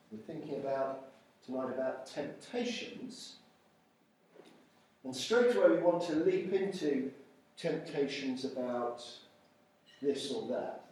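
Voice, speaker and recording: A man preaching an informal sermon, reading scripture slowly and deliberately. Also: mid-range voice, a little mellow. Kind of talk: informal sermon at a church evening meal. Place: large echoey church hall. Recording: very echoey hall, voice from far off, faint noise.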